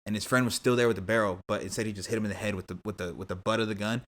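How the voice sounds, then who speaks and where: A man's voice: on the low side, steady tone, racing. A young man telling a story as a podcast guest in a casual, rambling way, full of "like" and restarts.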